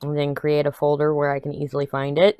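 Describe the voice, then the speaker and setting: This vlogger, a young adult woman, crafts while casually chatting to her viewers, venting and rambling with some laughter. Her low-pitched, dark voice moves fairly quickly, and the recording is dry.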